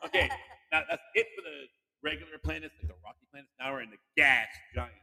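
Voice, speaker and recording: Lively, teasing man host in an echoey room. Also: fairly high pitch, fast talker, creaky. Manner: animated, teasing, cheering the kids on. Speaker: podcast host talking with two children. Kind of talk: playful kids' quiz chat.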